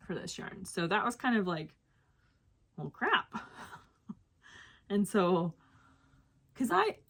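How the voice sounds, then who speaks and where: A young woman, chatting casually as the host of her own knitting show and filling her talk with ums and restarts. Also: mid-range voice. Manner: chatty, lots of fillers and self-corrections. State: slightly out of breath. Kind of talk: casual chat to camera.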